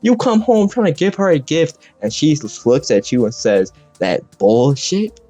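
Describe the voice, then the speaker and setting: A man's voice: on the high side, very animated, moderate pace, warm tone, no room sound. A young man in a crude, exaggerated comedic rant, swearing often and jumping between voices. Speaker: content creator. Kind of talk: comedic rant over gameplay. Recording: dull lo-fi mic with faint music. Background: faint background music.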